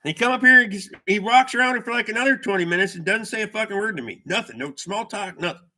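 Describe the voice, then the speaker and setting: A middle-aged man spins rambling, profanity-laced anecdotes for his stream chat and stops now and then to read viewer comments aloud. His voice sits a little high and comes across bright and forceful. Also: expressive, fast. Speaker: livestream host. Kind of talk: casual storytelling chat with viewers.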